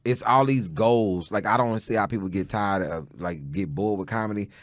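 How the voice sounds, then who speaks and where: A man from Houston, a stand-up comedian guesting on a podcast, telling stories in an animated way and building up to shouted punchlines. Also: lowish voice, normal speed, dry recording. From Houston, Texas. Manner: animated storyteller who rises into shouted punchlines. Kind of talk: casual chat, comic storytelling. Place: podcast studio.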